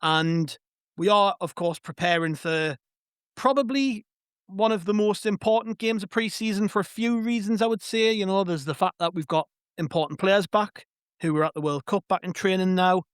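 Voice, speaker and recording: North-east English male podcast host, slightly higher voice, chatty and joking, dry close-miked sound. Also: normal speed, clean tone, dry recording. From North East England. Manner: chatty, joking, rambling with fillers. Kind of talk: casual football podcast chat.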